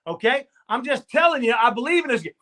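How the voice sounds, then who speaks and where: A man's voice: very high voice, sing-song, fast, sharp tone. A man, a football coach, telling stories in an interview with emphatic, repetitive phrasing and rallying asides. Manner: emphatic and repetitive, rallying with "okay?" and "I'm gonna tell you what". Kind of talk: animated storytelling in a live stream interview.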